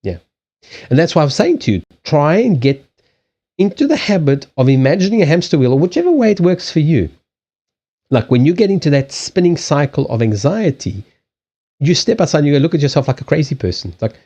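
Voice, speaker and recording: A man's voice: on the high side, big pitch swings, a little fast, warm tone, lo-fi sound. A man hosting a live stream, chatting casually about habits and anxiety, rambling with frequent restarts, swearing and laughing. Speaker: livestream host and card reader.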